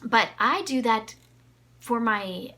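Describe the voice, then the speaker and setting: A woman's voice: a little high, slow, sharp tone. A woman teaching a ukulele lesson, patiently counting the beats aloud. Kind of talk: music lesson. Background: ukulele playing.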